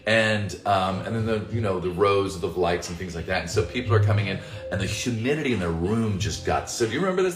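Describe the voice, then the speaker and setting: A deep-voiced man with a very animated, swooping delivery, chatting casually with fans and joking as he reads their questions from a livestream chat. He swears easily and keeps it playful. The recording sounds roomy and echoey, with faint music underneath. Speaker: voice actor guest answering fan questions.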